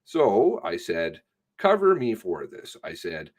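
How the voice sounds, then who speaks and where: A man, a police sergeant, recounts an incident in a recorded statement, stumbling and swearing as he goes. His pitch swings up and down with feeling. He speaks at an unhurried, drawn-out pace. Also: huge pitch swings. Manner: halting, profane, self-correcting retelling.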